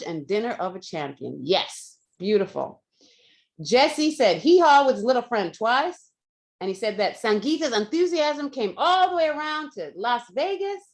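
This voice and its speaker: A woman with a drawl reads back highlights from an online meeting, effusive and quick to laugh. Her voice sits a touch high. She comes through a video call. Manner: effusive, quotes speakers, laughs often. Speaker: meeting grammarian. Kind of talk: enthusiastic meeting report.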